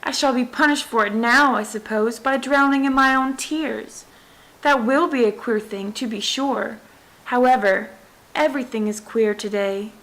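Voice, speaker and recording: A woman's voice: on the high side, moderate pace, a bit bright, poor audio. A woman reading a storybook aloud, voicing a polite, eager young girl who chatters on. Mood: wondering. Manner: eager, well-mannered chatter.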